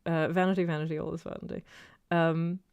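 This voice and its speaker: Woman streamer, slightly low pitch, loose digressive chat, dry self-mockery. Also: level tone, brisk, a little mellow, smooth, lo-fi sound. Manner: chatty, digressive, self-deprecating. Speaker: YouTuber reading live chat. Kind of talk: casual livestream chat.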